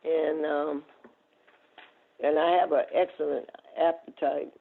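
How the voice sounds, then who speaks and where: A woman in her eighties from the United States, a guest telling animated stories in a casual interview. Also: low voice, takes it slowly, gravelly. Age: 80s. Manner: animated storyteller, acts out quoted exchanges. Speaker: guest, masters sprinter. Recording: tinny phone-line audio.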